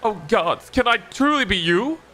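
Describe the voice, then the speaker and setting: A man's voice: high voice, lively intonation, normal speed, sharp tone, faint music behind. A man with an Australian accent reading the lines of a remorseful former convict, a whaler, in earnest, old-fashioned formal speech.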